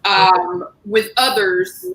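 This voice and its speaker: A woman's voice: medium pitch, flat delivery, very slow, fairly bright tone, reverberant, poor audio. A woman panelist speaking thoughtfully in a casual online discussion, often trailing off and restarting. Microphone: video call.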